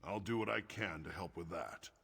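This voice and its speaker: An actor playing a grieving male orc temple priest in a video game, speaking in a solemn, measured way with a gravelly voice. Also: low voice, a bit bright, full character voice. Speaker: game character.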